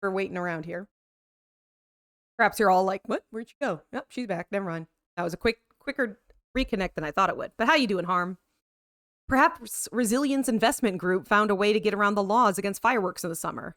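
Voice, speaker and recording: American woman, young adult, game streamer, middle pitch, reads game text dramatically, casual chat, swears. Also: animated, a little fast, a bit bright. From United States. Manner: chatty, reads the game's lines with dramatic emphasis, swears casually. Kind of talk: live game stream, reading game text aloud.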